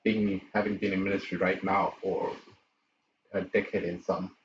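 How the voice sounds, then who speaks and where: Male interviewer with a lowish voice, halting questions, heard from far off in an echoey room. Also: little pitch movement, background noise. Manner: halting questions with repeated words. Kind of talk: interview conversation. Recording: distant, roomy and muffled.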